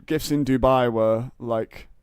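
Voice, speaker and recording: A man's voice: mid-range voice, fairly even intonation, slow pace, darkish tone, smooth, dry recording, studio quality. A young man, a comedian and podcast guest, telling rambling stories in casual chat with lots of fillers and restarts.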